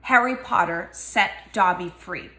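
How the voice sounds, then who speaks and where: A woman voicing an excitable little male house-elf who speaks shrilly and earnestly. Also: lowish voice, unhurried. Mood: fierce and earnest.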